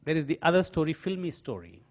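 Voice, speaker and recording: An older man from India with an Indian accent, a diplomat telling anecdotes in a lecture in an auditorium, with some pauses and hesitations. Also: on the high side, very animated, a little mellow. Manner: storytelling with acted quotes and pauses, some filler hesitations. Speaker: diplomat giving a talk.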